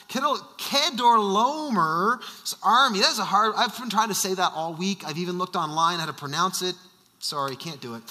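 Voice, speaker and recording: A man who is a senior pastor preaching a sermon, shifting between emphatic bursts and quiet asides. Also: high-pitched, moderate pace, long reverb tail. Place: church sanctuary.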